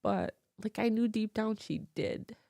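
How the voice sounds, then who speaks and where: A woman's voice: mid-range voice, unhurried, gravelly, warm tone, no room sound. A woman telling a personal story to her vlog audience in a chatty, laughing way, full of fillers, on a close mic. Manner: chatty, filler-heavy, laughing as she tells it. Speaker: vlogger. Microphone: desk mic close up.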